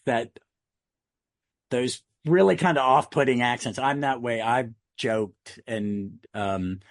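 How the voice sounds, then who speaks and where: A man's voice: mid-range voice, takes it slowly, no echo, studio quality. An American man chatting casually on a podcast, rambling through anecdotes and tangents. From United States. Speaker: podcast co-host.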